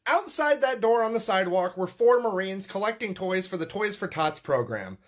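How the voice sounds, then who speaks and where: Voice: medium pitch, animated, moderate pace. A speaker reading a police report aloud in a clip, holding back laughter, with dry asides. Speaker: reader of a news story in a clip.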